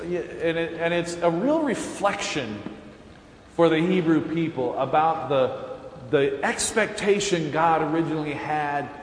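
A man's voice: a little high, expressive, a little slow. A male pastor preaching a sermon as a folksy, chuckling storyteller. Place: large church sanctuary. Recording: echoey church hall with faint room noise.

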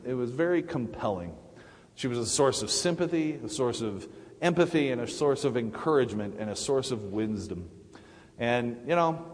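A middle-aged man speaks from the pulpit of a church, his mid-pitched voice trailing into a long, ringing hall reverb. He talks in halting, searching phrases full of restarts and small fillers. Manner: halting, many restarts and fillers, warm laughs. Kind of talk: Mother's Day sermon. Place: church sanctuary.

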